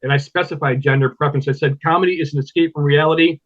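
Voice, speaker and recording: A man, a stand-up comedian, chatting as a guest in a casual interview and telling animated stories. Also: fairly high pitch, quick pace, highs cut off. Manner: animated storyteller, slips into impressions.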